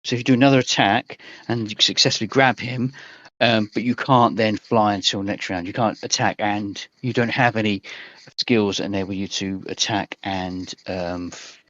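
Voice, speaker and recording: A man's voice: on the low side, steady tone, moderate pace, fairly bright tone, dry recording. Game master voice, male, hesitant ums, dry muffled online call. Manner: hesitant, full of ums and rule checks. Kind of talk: narrating a tabletop game. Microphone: voice call headset. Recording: dry, slightly dull online call audio.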